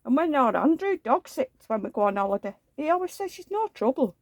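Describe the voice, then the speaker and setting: Lively chatty woman in her seventies. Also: sits high, brisk, dry recording. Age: 70s. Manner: rambling anecdotal storytelling, acts out quoted dialogue. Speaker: reborn doll collector. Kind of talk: chatty home vlog.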